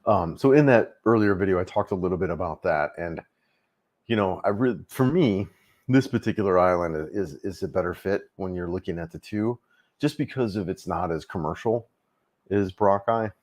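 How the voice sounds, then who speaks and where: Easygoing guy, deep low voice, rambling travel livestream chat, lots of ums. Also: normal speed, darkish tone. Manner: rambling, easygoing, many fillers and restarts. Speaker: travel vlogger hosting a livestream.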